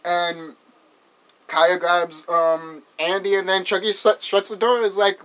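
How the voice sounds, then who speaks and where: A man's voice: high voice, normal speed, a bit bright. Rambling, swearing man recapping a movie. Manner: rambling, swears a lot, laughs while retelling. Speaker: movie reviewer.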